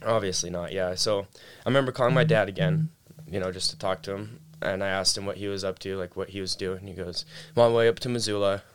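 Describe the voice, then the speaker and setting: A man's voice: sits low, quick pace, clear, resonant tone. A young man in casual conversation, telling a personal story in a laid-back way and often saying "like" and "dude". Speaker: guest telling his story. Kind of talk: casual chat.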